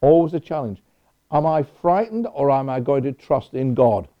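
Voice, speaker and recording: A man's voice: medium pitch, lively intonation, moderate pace. A man preaching a sermon in a conversational way, with personal asides. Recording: dull lo-fi recording.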